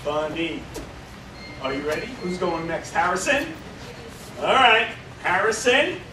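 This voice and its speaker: Male karate instructor, high and lively voice, playful teasing coach in an indoor studio with a faint hiss. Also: measured pace. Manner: playful, teasing, bursts into excited shouts. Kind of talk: coaching children in class.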